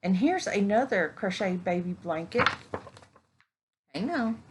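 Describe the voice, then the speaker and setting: At home one evening, a Texas vlogger unboxes crafts and chats casually, exclaiming and gushing over everything she pulls out. Her medium-pitched voice is animated and her pace measured, though heavy background noise fills the recording.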